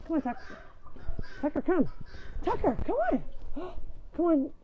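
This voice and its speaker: A woman with a slightly high voice hosts a casual live stream from a farm barn. She chats and explains as she calls animals over. The audio is muffled and lo-fi with faint noise behind her. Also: lively intonation, unhurried. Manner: coaxing animals while explaining chores. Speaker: farm sanctuary host.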